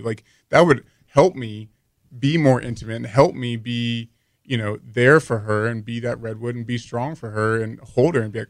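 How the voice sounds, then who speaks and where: A man's voice: mid-range voice, normal speed, no room sound, clean studio sound. A man co-hosting a podcast, talking earnestly and rambling with many fillers about his relationship. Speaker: podcast co-host. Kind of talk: casual conversation.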